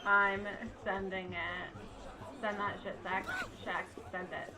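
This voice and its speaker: A woman's voice: mid-range voice, little pitch movement, crowd noise. Blunt, swearing woman streaming a game. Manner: blunt, swears often, quick reactive outbursts. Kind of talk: casual live gameplay commentary.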